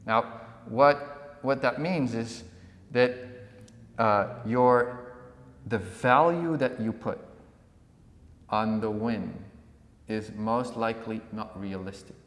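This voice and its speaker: Guy on a podcast telling a parable, animated, voices the villagers, roomy echo. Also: mid-range voice, takes it slowly, pauses often. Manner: animated storyteller who acts out villagers. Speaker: podcast co-host. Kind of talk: conversational storytelling. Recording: echoey room with long reverb.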